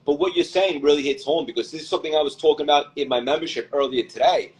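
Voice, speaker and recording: Hyped husky male podcast host. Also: a little high, steady tone, quick pace, darkish tone, poor audio. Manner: hyped, effusive introductions. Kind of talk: casual live video chat.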